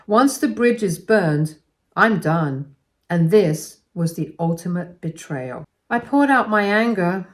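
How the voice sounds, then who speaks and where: A woman with a somewhat low voice narrates a scripted first-person story. Her reading is dramatic, and she pushes harder when she voices her own furious words.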